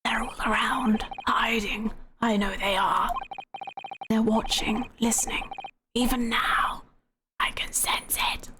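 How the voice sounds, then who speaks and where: A woman's voice: high voice, lively intonation, moderate pace, noisy background. A woman reading aloud as an anxious, dramatic young male prisoner in a game, with grand, fretful complaints. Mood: paranoid whisper. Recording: game music behind.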